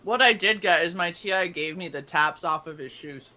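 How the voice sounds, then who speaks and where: A woman's voice: on the low side, normal speed, pushed and bright. A young woman co-hosting a casual stream, animatedly telling stories, swearing freely and acting out quotes. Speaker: stream co-host. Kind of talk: casual storytelling chat.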